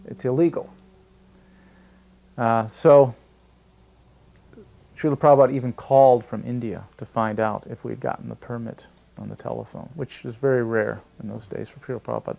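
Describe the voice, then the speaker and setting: Older guy with a gravelly voice, telling a story, gets animated. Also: mid-range voice. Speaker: devotee recalling memories. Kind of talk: storytelling interview.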